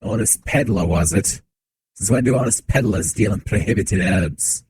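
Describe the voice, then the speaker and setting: A man voicing a gruff, corrupt guard captain while reading game dialogue aloud, barking orders in a menacing way. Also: fairly low pitch, moderate pace, darkish tone. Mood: stern.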